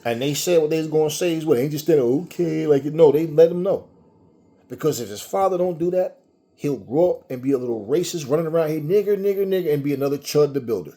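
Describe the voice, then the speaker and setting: Man, heated rant commentary, profane, mellow dark tone. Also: a little high, quick pace. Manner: angry, profane, repetitive.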